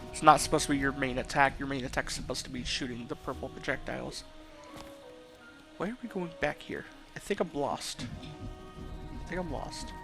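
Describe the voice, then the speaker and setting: Calm, gravelly-voiced gaming commentator. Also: male voice, medium pitch. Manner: calm, soft-spoken, rambling. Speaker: let's play commentator. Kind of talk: casual game commentary. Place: home at night. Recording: with game music behind.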